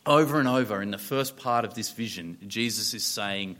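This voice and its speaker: A man preaching a sermon, earnest and emphatic, explaining scripture with fillers and pausing to drop low on key phrases. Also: fairly bright tone.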